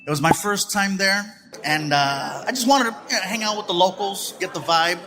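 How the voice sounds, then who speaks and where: High-voiced male stand-up comedian. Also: normal speed. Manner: animated, acts out characters in voices. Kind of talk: stand-up storytelling. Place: comedy stage before an audience. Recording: live stage mic with audience noise.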